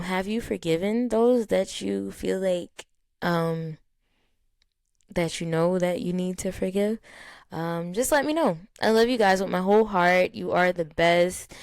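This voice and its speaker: A woman in her thirties hosting a podcast, talking casually and encouragingly with many pauses and ums. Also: on the low side, gravelly, a little mellow, clear, resonant tone, no room sound, clean studio sound. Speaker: podcast host.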